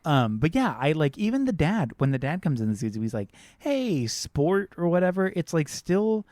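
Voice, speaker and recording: A man's voice: a little high, sing-song, a little fast, a little mellow, dry recording. A man co-hosting a podcast in casual film chat, earnest, repeating phrases as he thinks and acting out quotes. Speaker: podcast co-host.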